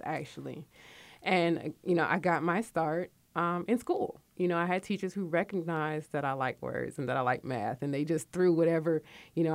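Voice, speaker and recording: Chatting casually on the radio as a guest author, a Connecticut woman in her forties reflects and tells stories. Her voice is low-pitched, and the recording is dry.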